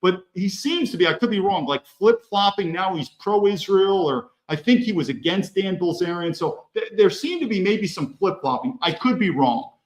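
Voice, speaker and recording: A man's voice: sits high, lively intonation, normal speed, hardly any pauses, low-quality recording. A middle-aged man hosting a podcast, delivering a blunt, profane and heated political rant. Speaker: podcast host.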